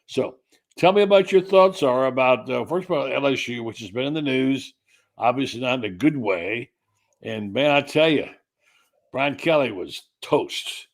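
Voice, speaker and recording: A man's voice: mid-range voice, normal speed. Chatty male sports talk host. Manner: chatty, rambling, self-deprecating. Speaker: show host.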